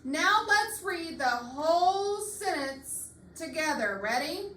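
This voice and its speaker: Patient woman teacher, unhurried and clear, recorded from across a roomy classroom with faint hiss. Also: very high-pitched, lively intonation, pushed and bright. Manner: slow, patient, repeats questions. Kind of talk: reading lesson. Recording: echoey classroom, far mic, faint hiss.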